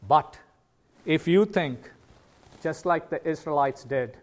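A man preaching a sermon, earnest, with sudden loud emphatic calls. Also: on the high side, slow.

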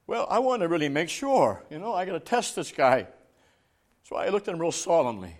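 Male evangelist, high-pitched voice; storytelling sermon that builds to emphatic, loud preaching. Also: sing-song, a little fast. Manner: laughs while telling stories; acts out dialogue with rising voice.

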